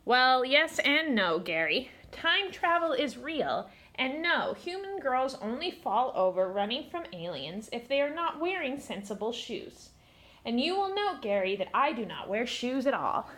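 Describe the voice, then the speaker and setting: A woman's voice: sits high, big pitch swings, measured pace, fairly bright tone, exaggerated voice. A woman voicing a bossy, clever female cat in a storybook, matter-of-fact and lecturing. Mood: self-assured.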